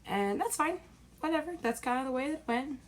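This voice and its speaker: A woman's voice: high voice, lively intonation, a little fast. A young woman in a rambling, exasperated movie-review rant, packed with fillers and dismissive asides, recorded at home.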